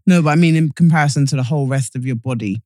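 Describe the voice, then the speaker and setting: A man's voice: medium pitch, racing, darkish tone, no echo. A man co-hosting a casual podcast, rambling and self-interrupting, a little chesty. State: slightly chesty. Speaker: podcast co-host. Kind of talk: casual chat.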